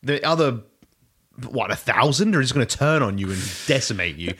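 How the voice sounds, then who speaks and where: Male podcast co-host, casual and argumentative, very animated pitch. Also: fairly quick, breathy edge. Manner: argumentative, keeps raising objections. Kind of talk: casual banter.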